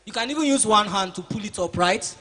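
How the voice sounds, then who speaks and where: High-voiced man lecturing boys. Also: animated, a little fast, pushed and bright. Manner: preachy, asks the audience questions and acts out excuses. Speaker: seminar speaker for boys. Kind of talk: motivational talk to teenagers. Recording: reverberant hall.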